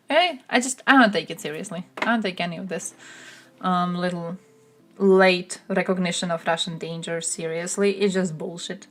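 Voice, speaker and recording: A woman streamer reacts to her chat with casual commentary, blunt and sarcastic, swearing often. She mocks people by putting on voices. Her own voice is on the low side, at a moderate pace.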